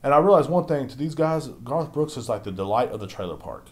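In an angry solo rant on his own podcast, a young adult host swears nonstop and mocks other people with silly, squeaky voices. He speaks a little fast, with lively intonation and a darkish tone.

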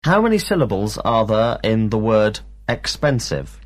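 A man teaching a scripted drill lesson, speaking slowly and pronouncing each word with care. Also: lowish voice, big pitch swings. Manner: slow, deliberate, enunciating each word. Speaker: language teacher.

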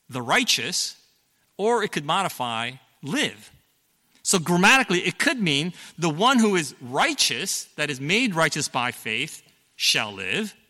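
Middle-aged male pastor, conversational sermon delivery, bright tone, church hall with a long echo. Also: fairly high pitch. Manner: conversational, explanatory, with fillers and self-corrections.

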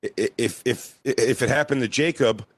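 A man's voice: mid-range voice, normal speed, husky, no room sound. A man co-hosting a casual comedic podcast, rambling and self-deprecating, acting out voices as he tells stories. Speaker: podcast co-host.

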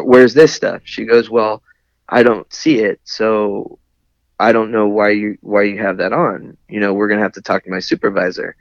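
A man on the low side of the pitch range, a Navy veteran, shares a lengthy personal story in a frank, casual way, wryly laughing at his own anger. The sound is lo-fi, with no room sound.

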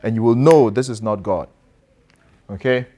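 A man's voice: fairly low pitch, normal speed, mellow. A man preaching an interactive sermon to a class, asking questions and calling on people to read. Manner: conversational, asks listeners questions and calls on them to read. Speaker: pastor teaching a class.

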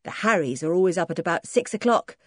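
A busy, kindly farmer's wife, as a woman reader puts her on, fussy and motherly in a storybook reading. Her voice stays close to the reader's own, lowish and dry. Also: animated, fast talker, no room sound.

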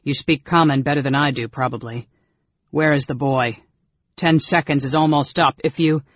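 A man reading an audiobook voices a fierce, desperate half-elf warrior and father, with harsh, growling threats and a husky voice. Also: a little high, steady tone, moderate pace, a bit bright, no room sound, dull audio.

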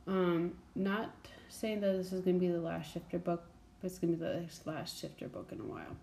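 A young woman talks through a book in a loose, chatty way, blunt and peppered with "like" and "um". Her voice is mellow and a touch low for a woman. A faint hiss of noise sits under her recording. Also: brisk, creaky. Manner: chatty, blunt, many fillers and "like"s. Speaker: book podcast host. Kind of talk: casual book review chat.

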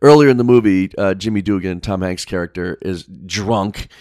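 A man co-hosting a casual chat, enthusiastic and quick to laugh. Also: low voice, a little mellow, no echo, clean studio sound. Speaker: podcast co-host.

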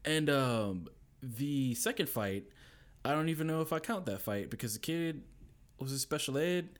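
Animated young man telling stories. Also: medium pitch, moderate pace. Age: young adult. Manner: animated, quotes people in lively put-on voices. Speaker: podcast guest. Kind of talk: casual storytelling chat.

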